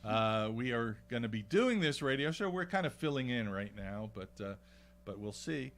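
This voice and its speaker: A male radio host talks in a loose, rambling way, stopping often with "uh" as he hunts for the next point. His voice sits at an ordinary middle pitch for a man. He speaks from a small radio studio. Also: sing-song, normal speed, fairly bright tone. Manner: rambling, hesitant with many fillers. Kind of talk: casual radio chat.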